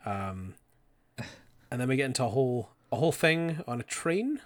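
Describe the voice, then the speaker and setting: A man with a middle-range voice talks in a relaxed, casual way. He laughs often and chips in with quick agreement while recounting favorite moments. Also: medium pitch. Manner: easygoing, laughs often, brief agreeing interjections. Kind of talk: casual chat about an episode.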